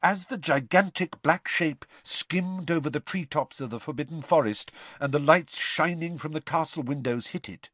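A man narrating a storybook audiobook in an expressive, suspense-building way. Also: fairly high pitch, moderate pace, few pauses, slightly rough, no echo. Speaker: audiobook reader.

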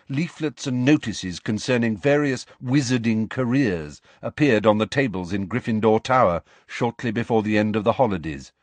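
A man narrating a storybook in an expressive, measured way. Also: on the low side, no echo. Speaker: audiobook narrator.

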